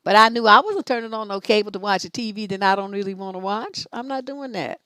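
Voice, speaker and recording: A middle-aged woman with a medium-pitched, sharp voice hosts a live relationship advice stream at a quick pace. She is blunt, profane and scolding, acting out both sides of conversations, and there is no room sound.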